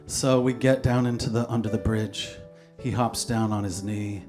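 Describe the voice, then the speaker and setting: Speaking in a lowish, level voice at normal speed with frequent pauses, this comedian and poet rambles through a self-deprecating comic story on stage, punctuated by laughter. Guitar music plays behind the live recording.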